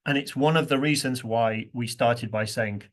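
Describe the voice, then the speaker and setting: A man's voice: medium pitch, normal speed. A man teaching English pronunciation in an online workshop, drilling phrases with strong rhythmic stress. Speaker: workshop trainer.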